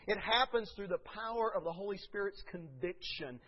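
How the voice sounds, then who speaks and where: A man preaching a sermon as pastor, swinging from hushed asides to shouted peaks. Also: high voice, animated, normal speed. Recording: dull lo-fi recording.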